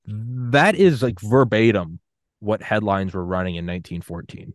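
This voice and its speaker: A man in his thirties talking casually on a podcast, acting out quotes in an animated way. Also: on the low side, moderate pace, dry recording, clean studio sound. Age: 30s. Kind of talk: casual conversation.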